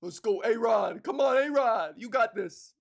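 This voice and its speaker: A brash, crude male baseball fan with a New York accent, put on by a woman. He rambles loudly and sits in a low, gruff register. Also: normal speed, natural voice. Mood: cheering. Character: loudmouthed middle-aged male baseball fan.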